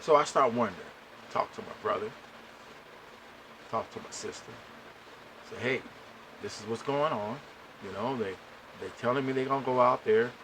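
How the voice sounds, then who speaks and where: Speaking at normal speed with a medium-pitched voice and long pauses, this male podcast host spins a lengthy yarn in a casual, exasperated, animated way, addressing his audience head-on. Background noise is audible.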